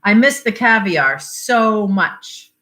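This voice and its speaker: A woman's voice: mid-range voice, lively intonation, takes it slowly, bright, forceful tone. A woman reading the lines of a flamboyant former diplomat with a French accent, giggling and wistful.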